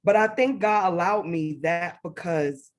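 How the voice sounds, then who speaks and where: Woman telling a spiritual story, animated. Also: fairly low pitch, unhurried. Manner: animated storytelling, acts out her own past words. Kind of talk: casual faith testimony.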